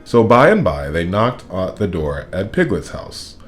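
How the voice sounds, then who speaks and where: A man reading a children's storybook aloud in an expressive, playful way. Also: low voice, a little slow, faint music behind. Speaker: storybook reader.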